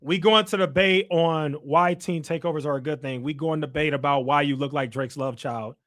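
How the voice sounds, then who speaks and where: A young man from Chicago runs a casual livestream, reading comments and teasing his viewers in playful trash talk. His voice is a little high and fairly bright, with a steady tone at a moderate pace.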